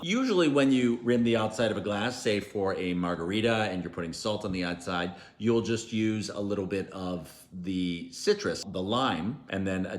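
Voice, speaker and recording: A man hosting a casual home bartending vlog, chatty and self-deprecating, with playful emphasis. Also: lowish voice. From New York. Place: home bar.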